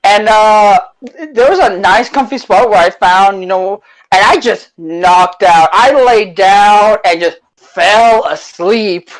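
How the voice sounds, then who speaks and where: A man co-hosting a podcast, telling stories in casual chat with a relaxed, self-deprecating manner. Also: high voice, slow, poor audio. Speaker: podcast co-host.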